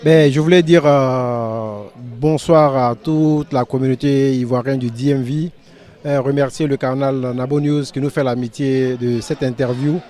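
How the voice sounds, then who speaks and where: A man from the Ivory Coast giving a hesitant interview at an outdoor rally, pausing often with filler sounds. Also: mid-range voice, steady tone, dark tone. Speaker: community representative interviewed.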